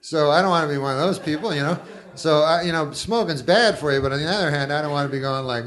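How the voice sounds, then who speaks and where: A middle-aged man delivering stand-up in a flat, deadpan way. His voice sits a little high for a man. He rambles and stops himself with halting asides. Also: a crowd in the background. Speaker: stand-up comedian. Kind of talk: stand-up routine.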